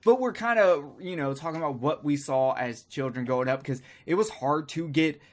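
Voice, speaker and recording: A man's voice: a little high, fairly quick. A man co-hosting a podcast, rambling and joking crudely in casual banter with friends. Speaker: podcast co-host.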